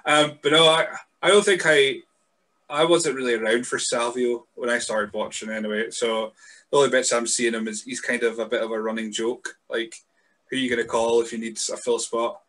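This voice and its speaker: A Scottish man hosting a podcast, chatting in a relaxed, hesitant way full of fillers. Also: medium pitch, brisk. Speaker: podcast host. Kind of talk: casual podcast chat.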